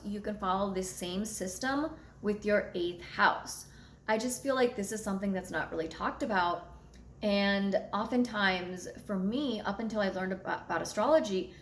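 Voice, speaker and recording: A woman's voice: medium pitch, roomy sound, slight background noise. A young adult woman astrologer telling a personal story to her viewers in a candid, blunt way, swearing freely. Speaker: astrologer and channel host.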